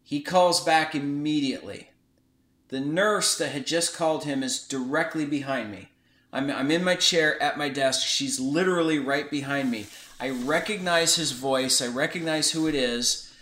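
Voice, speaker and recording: Heard in an echoey room, this podcast host has a slightly high voice and a moderate pace. He retells a story with energy during a casual chat, performing the quoted lines himself.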